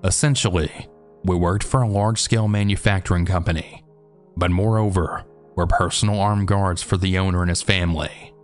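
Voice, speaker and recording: A man narrating an animated horror story in a steady, matter-of-fact way. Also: sits low, moderate pace, soft background music.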